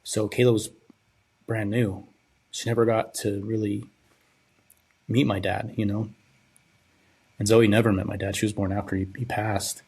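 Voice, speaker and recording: A young man hosting a podcast, telling a personal story in a halting, subdued, grieving way, often trailing off and repeating words. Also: fairly low pitch, level tone, darkish tone, husky. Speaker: podcast host.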